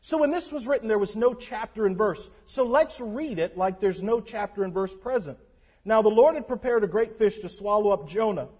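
A man preaching a sermon as a guest speaker, animated and acting out grumbling churchgoers. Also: high voice, moderate pace, breathy edge. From North Carolina.

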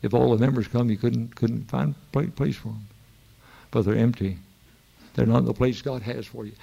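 A man's voice: mid-range voice, gravelly, dark tone, husky, highs cut off. An older man preaching a sermon in a church, telling folksy stories that rise into emphatic preaching. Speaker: pastor.

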